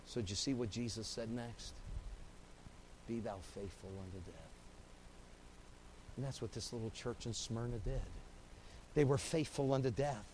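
A man preaching a sermon as pastor. He swings from hushed, slow lines to loud, driving buildups and repeats phrases in rising, rhythmic runs. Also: mid-range voice, fairly even intonation, background noise.

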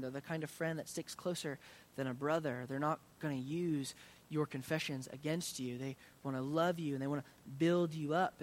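A man preaching a sermon as pastor, earnest, rising in intensity and then dropping soft to pray. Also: fairly high pitch.

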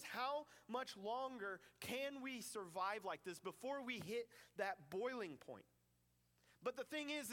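Preacher, male, high and bright, lively storyteller, long hall reverb. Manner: lively storytelling with playful asides. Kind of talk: sermon.

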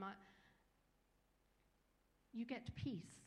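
A woman's voice: on the high side, normal speed, big-room sound. A woman preacher giving an earnest, encouraging sermon with small fillers.

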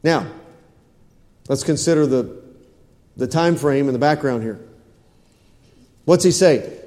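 Preacher, high voice, reverberant church. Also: male voice, slow pace, mellow. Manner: preachy, asks the congregation questions, repeats phrases. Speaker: pastor. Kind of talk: sermon.

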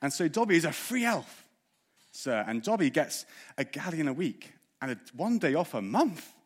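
A man's voice: moderate pace, slightly rough. A man reading aloud and voicing a timid, eager male house elf servant from a storybook. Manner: high, excited, servile storybook reading. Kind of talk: reading a book extract aloud.

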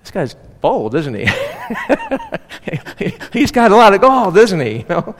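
A man's voice: high voice, sing-song, a little slow, in a large hall. A man preaching a sermon on a scripture passage, in a conversational way with frequent asides and tag questions. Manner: conversational, with frequent asides and "you know, right?". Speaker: pastor. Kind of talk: expository sermon.

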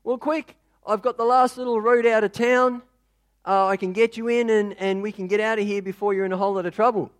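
A rescuer calls out urgently from his four-wheel drive, as a man plays him. His voice sits high. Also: fairly even intonation, brisk, natural voice. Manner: calling out urgently.

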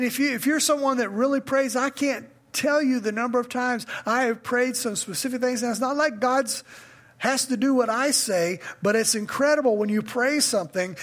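A male pastor preaching a sermon in a conversational style that builds to emphatic questions. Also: extremely high pitch.

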